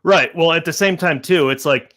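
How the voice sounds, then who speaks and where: A man's voice: a little high, normal speed, a bit bright. A man chatting casually on a podcast, telling a story and stumbling over his words. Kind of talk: casual chat.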